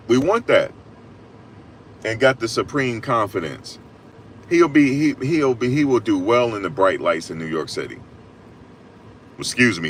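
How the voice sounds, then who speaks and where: A man giving casual, emphatic sports talk on a live stream, repeating his points and rising to loud peaks. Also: sits low, a little hiss or hum. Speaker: sports commentator.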